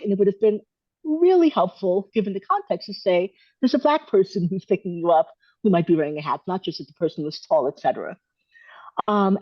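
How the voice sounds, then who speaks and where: A woman's voice: mid-range voice, no echo, dull audio. Thoughtful woman hosting a video-call Q and A. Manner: thoughtful, measured, gently encouraging. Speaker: host answering viewer questions. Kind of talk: live Q and A coaching.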